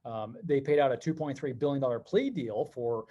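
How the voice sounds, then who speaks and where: A middle-aged man telling stories as a podcast guest, animated and quick, with many fillers. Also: medium pitch, highs cut off. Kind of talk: conversational podcast interview.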